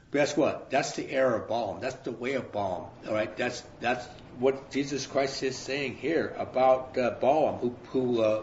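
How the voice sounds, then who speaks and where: A man's voice: mid-range voice, a little mellow, a little hiss or hum. A man preaching a sermon, retelling a scripture story in a loose, conversational way with slang asides. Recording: roomy, dull sound.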